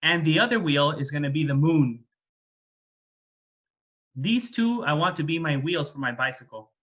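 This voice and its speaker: A small boy with a surprisingly wise streak, first pleading, then calmly setting a grown man straight, as a male storyteller voices him. The tone is bright, raised and pressing. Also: on the high side, moderate pace. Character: small boy, secretly a dead son from heaven, wise.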